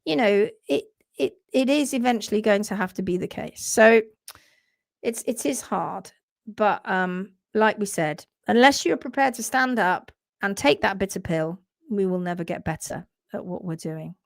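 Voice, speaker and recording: A woman's voice: mid-range voice, moderate pace, vocal fry, dry recording, studio quality. A woman co-hosting a podcast in casual live chat, passionate, often reading out viewer comments. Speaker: podcast co-host.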